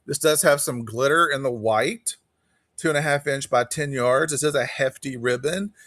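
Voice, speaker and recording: A man hosting a live online auction stream, chatting casually and quickly calling bids while greeting viewers by name. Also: mid-range voice, fairly bright tone, dry recording, studio quality.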